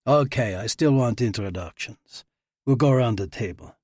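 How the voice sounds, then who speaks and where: A man's voice: medium pitch, normal speed, darkish tone, no echo, natural voice. A man voicing an agent leading his team in a dry, commanding way.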